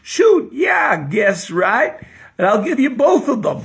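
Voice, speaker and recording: A man voicing a simple country man carrying chickens, in a put-on Southern drawl, loud and excited. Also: extremely high pitch, measured pace, vocal fry, husky, pitched above the performer's own voice, heavily acted.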